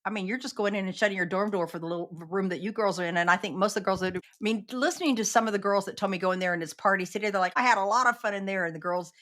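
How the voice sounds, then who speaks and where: A woman's voice: medium pitch, very fast, few pauses, fairly bright tone. A woman guest on an interview podcast telling a personal story earnestly and acting out the quoted exchanges.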